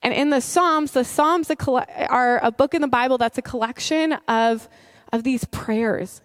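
A woman preaching a sermon, earnest, reading scripture slowly and with emphasis. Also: sits high, no echo, studio quality. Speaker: pastor.

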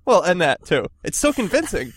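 A man's voice: high voice, big pitch swings, moderate pace, slight background noise. A man co-hosting a casual comedic chat, dry and playfully pedantic in his banter. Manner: dry, playfully pedantic, jumps into silly put-on voices. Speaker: podcast co-host.

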